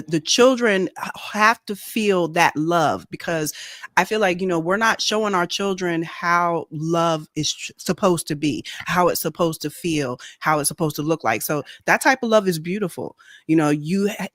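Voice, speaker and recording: A man's voice: a little high, a bit bright, dry recording, clean studio sound. A man in a casual chat, speaking reflectively with a preacherly touch.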